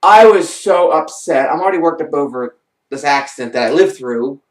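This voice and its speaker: A vlogger tells a wild true story about himself at a normal pace, animated and rambling, sitting far from the mic in a room that rings. He acts out other people's lines, jumping sharply in pitch for each quoted voice.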